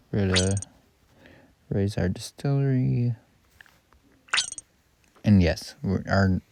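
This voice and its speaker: Gravelly and low-pitched, this man offers loose, rambling commentary on a game he's playing for his YouTube channel. He corrects himself as he goes in an offhand way, with loud noise in the background.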